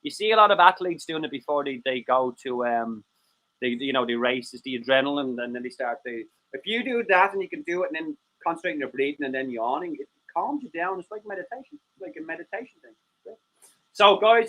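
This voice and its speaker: Bright, jokey swearing male co-host. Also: on the high side, a little fast, rough recording. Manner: rambling, swears freely, jokey, talks to chat viewers. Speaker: co-host of a livestream show. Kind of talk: casual chat.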